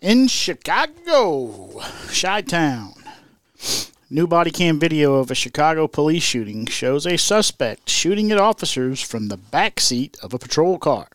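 A man's voice: on the high side, sing-song, unhurried, fairly bright tone, dry recording, studio quality. A man co-hosting a podcast, chiming in casually and reading a news story aloud. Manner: chatty, reads news aloud. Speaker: podcast co-host.

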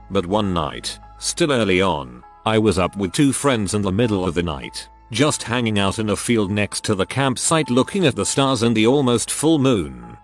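A man with a fairly low voice narrates scary stories from the outdoors. His delivery is steady, but his intonation rises and falls a lot. Soft music plays faintly underneath.

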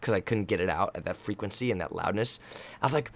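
A young man who plays college volleyball tells a game story casually and with plenty of hype, laughing often and acting out his own yelling. His voice sits on the low side and he talks fast.

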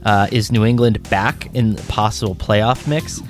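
A man's voice: on the low side, moderate pace, faint music behind. A young man co-hosting a sports podcast, talking loosely with many fillers. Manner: loose, filler-heavy, chatty. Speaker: podcast co-host. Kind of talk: casual sports chat.

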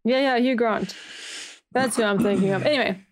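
A chatty South African woman hosting a podcast, with a slightly raised pitch. She grew up speaking German, and she talks in a loose, self-deprecating way. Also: normal speed. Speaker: podcast host. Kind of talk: casual chat.

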